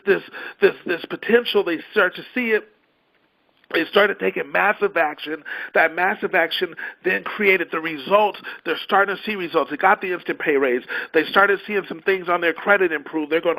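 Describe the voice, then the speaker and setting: A man's voice: high voice, bright, forceful tone, rough recording. A man giving a fervent motivational training talk to a sales team, acting out his prospects' doubts and joy in their own words. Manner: preachy and fervent, acts out prospects' inner voices. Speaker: business leader giving a training call.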